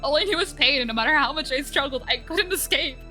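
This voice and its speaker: A woman's voice: sits high, fast talker, pushed and bright, faint music behind, pitched above the performer's own voice. A woman voicing a despairing looping young man. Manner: despairing, pleading and raw. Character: young man broken by endless time loops.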